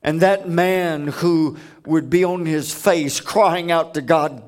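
A man's voice: a little high, drawn-out words, few pauses. A man preaching a sermon, telling stories with emphatic, earnest delivery. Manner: emphatic storytelling.

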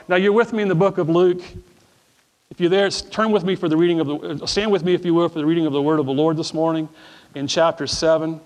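A middle-aged man preaches from the pulpit with a high voice. He reads scripture aloud, restarts his phrases, and keeps calling on the congregation to answer back. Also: fairly even intonation, fast, a little mellow. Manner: repeats words, calls for congregation responses. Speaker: pastor. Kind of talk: sermon with scripture reading and prayer. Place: church sanctuary before a congregation.

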